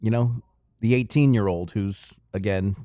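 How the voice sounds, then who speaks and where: Measured male podcast co-host, dry sound. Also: on the low side, dark tone, dry recording. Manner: measured, detailed explaining. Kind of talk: casual sports podcast analysis.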